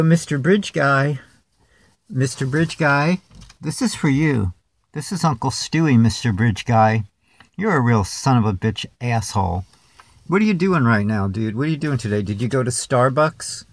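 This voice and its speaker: A man's voice: mid-range voice, no echo. A man vlogging at home, talking in a sarcastic, rambling way straight at an unseen viewer. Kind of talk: casual monologue to camera. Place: home, near a street.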